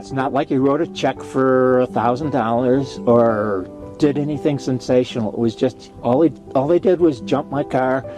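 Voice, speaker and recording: A man telling a personal story in a halting way, with many pauses and fillers. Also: medium pitch. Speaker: interviewee, nomad. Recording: guitar music playing underneath. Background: guitar music.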